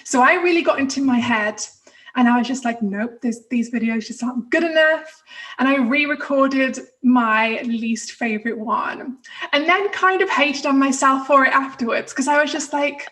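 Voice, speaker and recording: A woman's voice: sits high, moderate pace, sharp tone, far from the mic, poor audio. A woman hosting an interview, talking in a giggly, rambling, self-deprecating way. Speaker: host. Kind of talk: casual interview chat.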